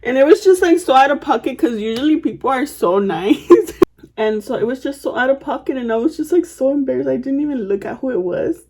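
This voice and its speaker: A woman's voice: sits high, expressive, a little fast, darkish tone, breathy edge. This is a young woman vlogging from home while she gets ready. She rambles through her stories with plenty of "like" and "um" and drops casual swear words. Her voice sits slightly above the usual range for a woman. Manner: chatty, swears freely, lots of fillers and asides. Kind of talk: get-ready-with-me storytelling.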